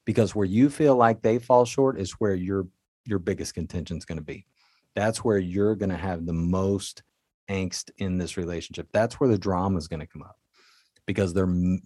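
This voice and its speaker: Earnest deep-voiced man giving relationship advice. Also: fairly even intonation, normal speed, warm tone, dry recording, studio quality. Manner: earnest, coaching, addresses listeners directly. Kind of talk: motivational talk to camera.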